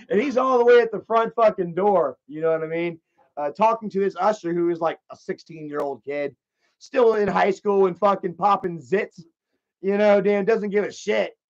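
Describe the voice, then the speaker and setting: A high-voiced man rambles through a story on his live stream, swearing freely and stumbling over restarts. His loud quoted outbursts cut through muffled, lo-fi audio. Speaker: livestreamer.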